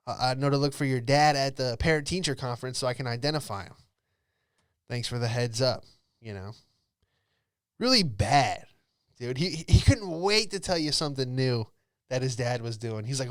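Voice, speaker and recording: Rambling comedian telling stories. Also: male voice, mid-range voice, lively intonation, smooth, dry recording, clean studio sound. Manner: rambling, jokey, quick character impressions. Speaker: comedian podcast host. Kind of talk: comedic storytelling monologue.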